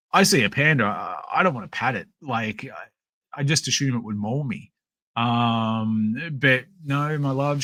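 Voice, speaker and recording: Australian male podcast host, casual live-stream storyteller, mid pitch, dry room. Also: no room sound. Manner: rambling, animated storytelling with many fillers.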